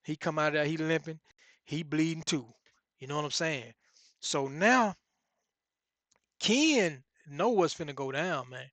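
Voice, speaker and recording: A man's voice: a little high, measured pace, long pauses, a bit bright, no room sound. Man, casual storyteller, rambling, fillers, dry close sound. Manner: rambling, repeats phrases, many fillers.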